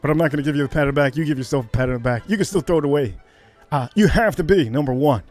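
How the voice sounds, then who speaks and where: A man's voice: a little high, rapid-fire, soft background music. A man hosting a casual livestream, thanking viewers for super chats in a hyped, repetitive way. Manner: hyped, repetitive, shouts catchphrases. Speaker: livestream host.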